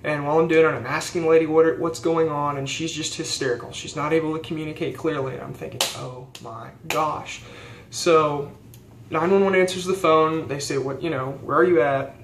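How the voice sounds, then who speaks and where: A man's voice: on the high side, steady tone, fairly quick. Earnest young man in an echoey room. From rural United States. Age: young adult. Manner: earnest, rambling, with fillers and restarts. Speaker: vlogger, theology student. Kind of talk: casual storytelling vlog. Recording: echoey room with faint background hiss.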